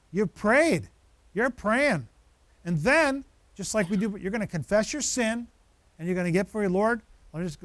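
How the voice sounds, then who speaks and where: A male pastor preaching a conversational sermon, lively and animated, with frequent asides to the congregation. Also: sits high, no echo.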